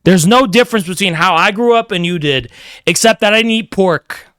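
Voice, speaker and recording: A man's voice: sits high, fairly quick, bright, forceful tone, clean tone, no room sound, clean studio sound. A man streaming a heated, profane, combative rant. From United States.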